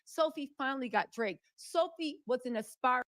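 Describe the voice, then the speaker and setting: A woman's voice: high-pitched, animated, normal speed, fairly bright tone, no echo. A woman co-hosting a casual talk stream, explaining gossip in a confident, matter-of-fact way. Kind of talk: casual podcast commentary.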